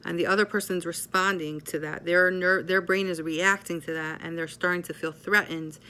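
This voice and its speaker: Female therapist, measured explainer, bright and crisp, slightly low-pitched. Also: fairly even intonation. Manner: measured, explanatory, often checks in with "right?". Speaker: psychotherapist. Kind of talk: explanatory talk to camera.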